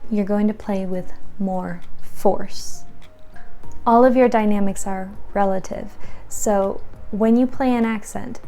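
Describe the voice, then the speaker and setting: Gravelly-voiced woman teaching piano. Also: medium pitch, mellow. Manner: clear, patient explaining. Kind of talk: instructional tutorial.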